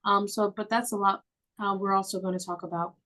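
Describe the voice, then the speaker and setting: A woman's voice: medium pitch, fairly even intonation, fairly quick, sharp tone, low-quality recording. Chatty woman co-hosting a sports podcast. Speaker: podcast co-host. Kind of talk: casual sports podcast chat.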